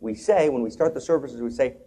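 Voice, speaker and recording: A man giving a spiritual lecture, telling a story dramatically, dropping to hushed asides and rising to loud outbursts, and slowly chanting liturgical phrases. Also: medium pitch, slightly rough. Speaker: spiritual teacher.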